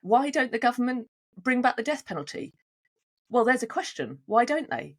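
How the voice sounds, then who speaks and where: A woman's voice: on the high side, sing-song, moderate pace. A woman co-hosting a talk show, making an earnest case with rhetorical questions. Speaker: podcast co-host. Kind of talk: casual discussion.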